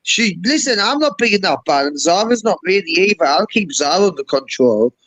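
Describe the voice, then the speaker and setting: A man's voice: high-pitched, sing-song, moderate pace, a bit bright, no echo, poor audio. A boastful man on a casual live panel chat who talks over the others. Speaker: panel guest.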